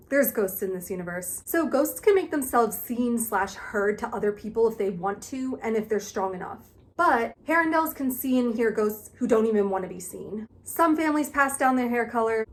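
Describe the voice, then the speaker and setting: A young woman doing a chatty, gushing book recap full of self-mocking asides. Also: on the high side. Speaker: book vlogger.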